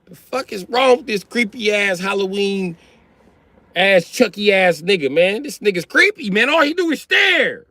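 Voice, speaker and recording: Animated man yelping through comic rants. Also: normal speed, no echo. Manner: animated and profane, breaking into high yelps. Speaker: stand-up comedian. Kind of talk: stand-up storytelling.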